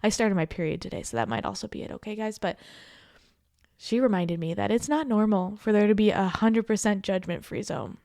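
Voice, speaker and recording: A woman's voice: medium pitch, a little fast, gravelly, a little mellow, no echo. A woman in her thirties hosts a heartfelt, casual podcast as a coach. She talks in an encouraging, chatty way, keeps asking "okay?" and "right?", and breaks into easy laughs. Her mid-range voice sits close on a dry mic with no room sound.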